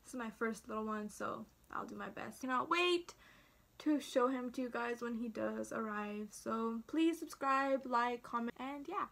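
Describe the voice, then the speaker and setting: Bright, chatty teenage girl vlogging. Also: a little high, a little slow, creaky. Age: teens. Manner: chatty, dramatic, acts out family dialogue. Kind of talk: casual storytelling to camera. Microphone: phone camera.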